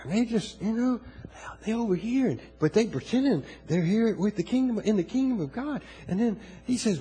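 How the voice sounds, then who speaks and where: A male pastor preaches in a loose, conversational sermon style. His voice is husky and somewhat high, and it swings widely in pitch as he stumbles through repeated restarts. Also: fairly quick, low-quality recording. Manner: conversational, repetitive restarts, animated.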